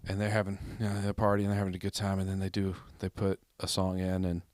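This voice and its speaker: Man, American accent, casual podcast chat, rambling stories, low voice, dry sound. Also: completely flat delivery, fast, no room sound. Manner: rambling anecdotes with loud, high-pitched quoted outbursts. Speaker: podcast host.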